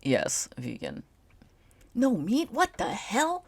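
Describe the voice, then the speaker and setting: A woman voicing a brash, cocky young male roommate who talks crudely and loudly. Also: a little high, expressive, fairly quick, slightly rough, pitched above the performer's own voice. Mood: outraged. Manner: loud, crude, shouty exclamations.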